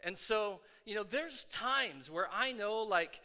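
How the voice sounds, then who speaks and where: A middle-aged man preaching a sermon in a conversational way, with many fillers, going from quiet asides to shouting. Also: sits high, expressive, slow. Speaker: pastor. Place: worship center. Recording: long hall reverb.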